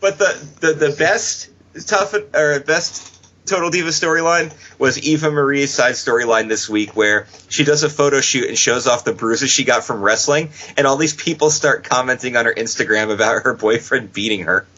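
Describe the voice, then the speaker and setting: Man, bright voice, chatty podcast host, dull lo-fi sound. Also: mid-range voice. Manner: chatty, joking, quick asides. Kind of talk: casual wrestling podcast chat.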